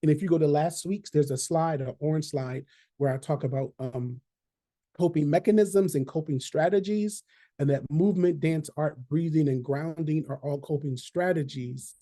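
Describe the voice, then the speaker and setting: A man with a slightly high, warm voice speaks at a normal pace while running an online training session. He keeps it conversational, repeats the key phrases, and checks in with "right?"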